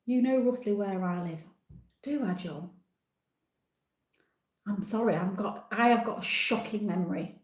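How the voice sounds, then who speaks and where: A woman's voice: medium pitch, unhurried, pauses often, echoey room. Chatty woman in her sixties. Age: 60s. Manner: chatty, self-deprecating, reads comments aloud and answers. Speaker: livestream host reading viewer comments. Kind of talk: casual live chat.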